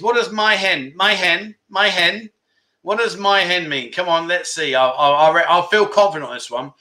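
A man hosting a casual livestream chat, reading out viewer comments and teasing them in a playful, excitable way. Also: a little high. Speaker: livestream host. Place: Pattaya, Thailand.

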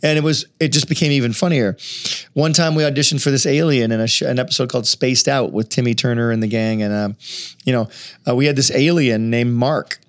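A middle-aged man chatting as an interview guest, telling stories with animated energy and acting out quotes. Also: medium pitch, fairly quick, no echo, clean studio sound. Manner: animated storyteller, acts out voices and quotes. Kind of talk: casual interview chat.

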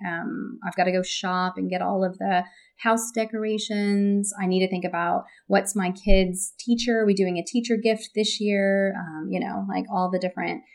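Woman co-host, low with vocal fry, animated anecdotal delivery. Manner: animated storyteller, acts out quotes, laughs often. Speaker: podcast co-host. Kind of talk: casual podcast chat.

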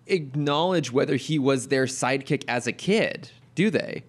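A man's voice: medium pitch, moderate pace. Chatty man talking cartoons. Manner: chatty, lots of fillers, laughs often. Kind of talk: casual chat about a cartoon episode.

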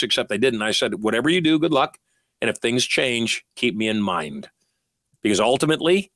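A man's voice: medium pitch, fairly bright tone, dry recording, clean studio sound. Earnest middle-aged male podcast host. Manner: earnest storytelling, slow emphatic lines. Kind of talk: motivational talk.

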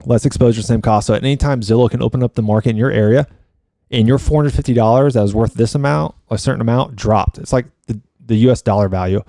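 Fast-talking, fired-up man. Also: medium pitch, warm tone, no echo, clean studio sound. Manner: fast, heated storytelling with frequent swearing. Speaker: real estate agent. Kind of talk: casual podcast chat.

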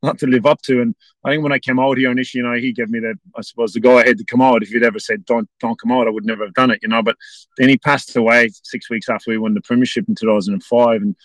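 A man's voice: medium pitch, steady tone, rapid-fire, fairly bright tone, no room sound, poor audio. An Irish man, a former footballer, chatting as a guest and rambling with many restarts. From Ireland. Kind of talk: casual interview chat.

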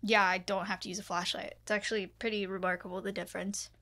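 A woman co-hosting a podcast in casual chat, teasing and quick to react, laughing often. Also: medium pitch, level tone, sharp tone. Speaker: podcast co-host.

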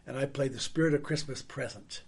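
A man hosting a casual conversation, telling stories in a husky voice that trails off quietly at the ends of sentences. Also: medium pitch, brisk. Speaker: host.

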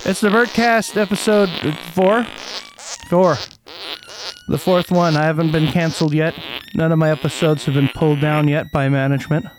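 A man's voice: on the high side, fairly even intonation, normal speed, noisy background. A man hosting a casual solo podcast, rambling and sarcastic, who stumbles over words as he reads out an old news article. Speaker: podcast host.

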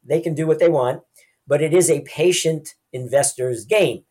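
A man in his sixties, a land banking consultant, explaining in a lively conversational way and acting out quotes. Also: a little high, moderate pace, breathy edge. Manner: lively storyteller who acts out quoted voices.

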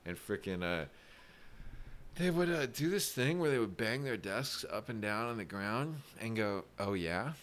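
A young man in casual chat, telling rambling, animated school stories full of "like" fillers and frequent laughs. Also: fairly low pitch, moderate pace, a little hiss or hum.

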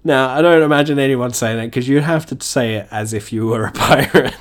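A man's voice: medium pitch, lively intonation, moderate pace. A young man hosting a casual comedy video, laughing through his sentences and swearing freely. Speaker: video host.

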